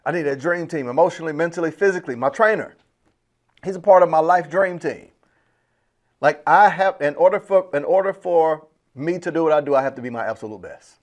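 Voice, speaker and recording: A man hosting a business podcast in a casual, slangy, animated way, laughing often and acting out little asides. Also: a little high, fairly quick. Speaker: podcast host. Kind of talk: casual motivational podcast talk.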